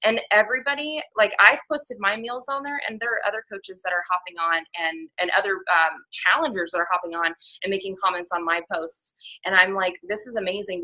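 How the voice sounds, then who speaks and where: Bright, candid young woman coach. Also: mid-range voice, brisk, hardly any pauses. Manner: chatty, candid and sarcastic, with many fillers and laughs. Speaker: fitness coach. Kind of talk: casual chat on a team call.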